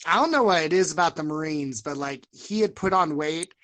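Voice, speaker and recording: A woman with a lower-pitched voice tells a candid family story with a dry, wry edge. She speaks at an easy conversational pace. The setting is casual podcast chat. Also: fairly quick, fairly bright tone.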